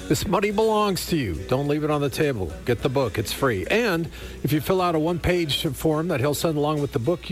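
A man co-hosting a radio show, chatting casually and reading promos and station breaks. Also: fairly high pitch. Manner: friendly, reads promos and station IDs. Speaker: radio co-host.

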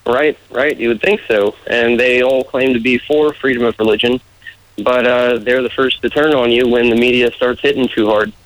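A man speaking in a measured way as a guest on a casual radio interview, laughing often. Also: mid-range voice, fairly even intonation, rough recording. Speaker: political candidate guest.

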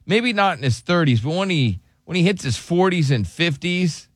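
Male radio host, animated and teasing, slightly high voice, close and dry. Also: normal speed, no room sound. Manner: laughs often, teasing. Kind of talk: casual morning show banter.

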